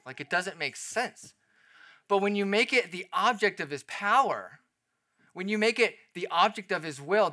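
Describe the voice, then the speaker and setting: Male pastor, fairly high, bright voice; emphatic sermon delivery full of rhetorical questions.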